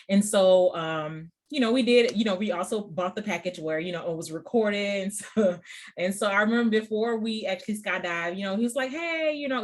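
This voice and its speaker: A woman in her thirties hosting a podcast, telling a personal story in a casual, chatty way, often laughing and talking straight to her listeners. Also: fairly low pitch. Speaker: podcast host.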